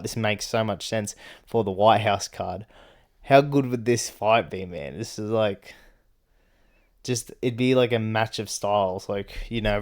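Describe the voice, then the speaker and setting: A man with a low, smooth and clear voice talks in a loose, rambling chat. He swears freely and often breaks into short laughs between his points. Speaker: MMA commentary vlogger. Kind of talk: casual chat.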